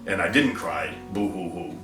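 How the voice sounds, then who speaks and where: Animated middle-aged man telling a story. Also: mid-range voice, a little fast, distant mic. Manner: animated storyteller acting out quotes with laughs. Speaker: husband telling his love story. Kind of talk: casual storytelling interview. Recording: echoey room from afar with music.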